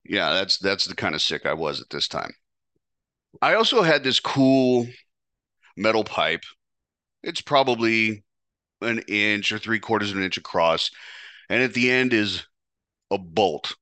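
A man's voice: on the low side, animated, unhurried, pauses often, pushed and bright, dry recording. A man hosting a podcast, telling his own story in a blunt, profane way, often restarting with repeated words. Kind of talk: casual storytelling monologue.

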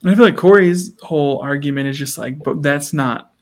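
A man in easy conversation, walking through a sitcom episode scene by scene. His voice sits a little higher than most men's, and he slips into playful character voices for the quoted lines. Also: a little fast. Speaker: podcast co-host. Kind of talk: casual chat recapping a sitcom episode.

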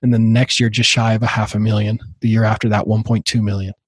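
A man in his thirties, a podcast guest telling his own story in a halting way, with many fillers and restarts. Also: fairly low pitch, little pitch movement, breathy edge, no echo. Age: 30s. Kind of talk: casual interview storytelling.

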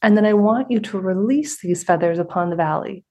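A woman voicing a calm, wise old male village sage in a spoken parable, with a measured, instructive delivery. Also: medium pitch, lightly acted.

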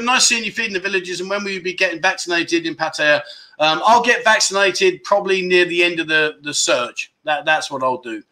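A man's voice: high voice, pushed and bright. A man hosting a livestream, chatting casually and teasing viewers as he reads their comments. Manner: cheeky, teasing banter. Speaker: livestream host.

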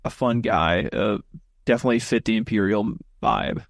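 A man's voice: on the low side, animated, normal speed, vocal fry, no room sound. A man co-hosting a casual podcast chat, rambling with lots of fillers. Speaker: podcast co-host.

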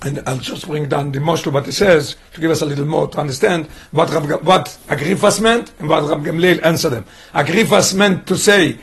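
A man's voice: fairly high pitch, fairly quick, fairly bright tone, husky. A man teaching a Torah lesson as a rabbi, asking one rhetorical question after another. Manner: poses rhetorical questions, mixes in Yiddish and Hebrew terms.

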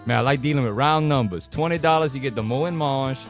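A man voicing a broke Cajun man with an animated drawl, pitching a silly invention in a parody dub. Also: quick pace, music in the background, natural voice. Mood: hustling.

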